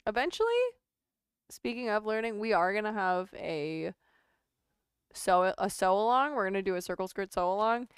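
A woman's voice: medium pitch, normal speed, smooth, no echo, clean studio sound. A woman chatting casually on a sewing livestream, laughing often and reading chat aloud.

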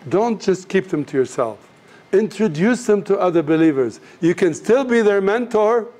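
A high, animated male voice at ordinary speed, slightly mellow, belongs to a missions teacher. He speaks earnestly and directly to his class, recounting anecdotes and playing out the voices of those involved.

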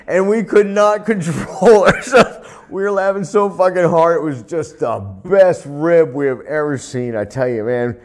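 A retired wrestler telling profane, laughing stories in a sit-down interview, recorded on a lapel mic indoors. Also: male voice, on the high side, a little slow. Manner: profane, laughing, animated anecdotes. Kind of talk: storytelling shoot interview.

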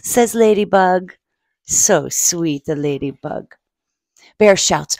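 A woman reads a picture book aloud for young children in a slow, unhurried way. Her voice sits a little higher than most and stays playful, with questions to the listener and hushed whispers here and there. The recording is dry and close. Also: no room sound. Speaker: children's storytime host.

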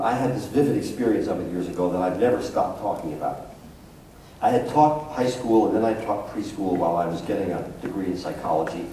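Male psychologist speaker, mellow tone, anecdotal storyteller who acts out quotes, heard from a distance in a very echoey school hall. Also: lowish voice, a little hiss or hum. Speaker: psychologist giving a talk to parents. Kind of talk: public talk to an audience.

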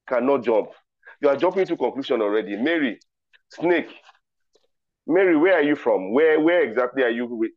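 A man hosts an online riddle quiz over a video call, playful and teasing as he reads names and answers from the chat. His voice sits at an ordinary middle pitch. The audio is dry and a little dull, like lo-fi call sound. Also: animated, moderate pace, a little mellow, no echo. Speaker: host of a virtual ceremony. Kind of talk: lively hosting of a riddle quiz.

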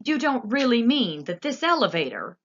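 A woman voicing an excitable old grandfather in a storybook reading, shouting high, loud exclamations. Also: normal speed, highs cut off. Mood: alarmed. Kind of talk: storybook character voice.

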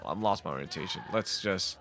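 A man's voice: low-pitched, expressive, a little fast, fairly bright tone. Jumpy, exasperated young-sounding gamer man. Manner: jumpy, exasperated, swearing and laughing. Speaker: let's play gamer. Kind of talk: casual gameplay commentary.

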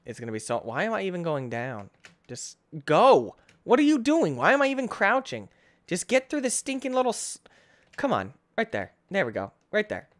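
A young man talks through a video game at a casual clip. His voice rides a wide, animated pitch range. When he fails he jumps into sudden high yelps, and he slides back into self-mocking grumbles between attempts. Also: moderate pace. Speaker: gaming channel host. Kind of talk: playthrough commentary.

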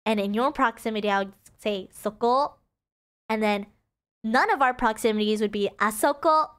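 A young woman with a high, light voice gives a relaxed livestream lesson. She chats freely and giggles between her examples, with plenty of casual fillers. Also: normal speed, clear, resonant tone. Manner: chatty and giggly, frequent fillers. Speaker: streamer teaching Japanese.

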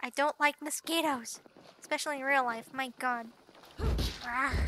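Woman, high voice, unhurried, excitable gameplay chatter. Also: noisy background. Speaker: gameplay channel host. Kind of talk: casual game commentary. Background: game music.

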